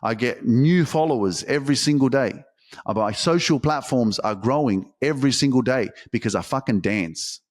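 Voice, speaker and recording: A man's voice: mid-range voice, normal speed. A man hosting a podcast, talking in an intense, emphatic motivational monologue full of swearing. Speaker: podcast host.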